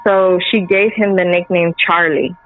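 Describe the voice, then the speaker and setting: Animated woman telling a story over a tinny line. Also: on the low side, a little slow, faint music behind. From Central Texas. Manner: animated, laughing often, acting out quoted lines. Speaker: guest. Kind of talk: casual storytelling.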